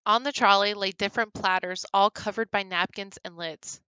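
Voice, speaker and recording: A woman reading her own horror story aloud, turning hushed and grave in the dark passages. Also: mid-range voice, steady tone, moderate pace, clean tone, no echo, rough recording. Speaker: horror story writer and reader.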